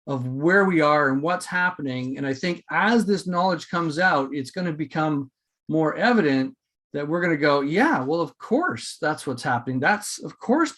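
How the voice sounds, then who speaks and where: A man hosting a casual spiritual podcast, talking in a rambling way with many fillers and restarts. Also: a little high. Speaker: podcast host.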